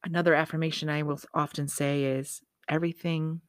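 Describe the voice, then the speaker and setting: A woman's voice: low voice, moderate pace, no room sound, studio quality. A woman hosting a motivational podcast, chatty and upbeat, often correcting herself and making asides to herself. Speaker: podcast host.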